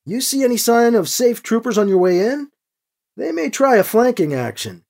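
Brief: narrator putting on a no-nonsense woman in charge, a bit higher and louder, clipped and brisk. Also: big pitch swings, gravelly. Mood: commanding.

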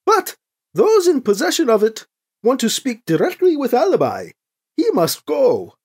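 A calm, earnest man trying to settle a quarrel, as an audiobook reader puts him on. He speaks sincerely, with a very lively rise and fall in pitch. A storybook character. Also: a little slow, husky, heavily acted. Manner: earnest, pleading. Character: calm earnest male peacemaker.

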